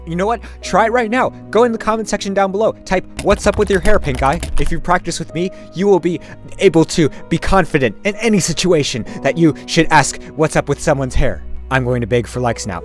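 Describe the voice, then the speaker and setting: A man talks into a webcam in his bedroom, delivering a mock-earnest comedy monologue with melodramatic sincerity. His voice sits a bit high for a man. Faint background music plays under him. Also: a little fast. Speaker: comedy vlogger.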